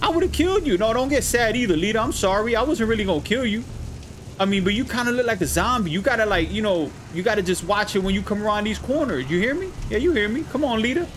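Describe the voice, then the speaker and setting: A man's voice: high voice, fast talker, fairly bright tone, a little hiss or hum. A man hosting a let's play, giving loose, joking, profane running commentary. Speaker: gaming channel host.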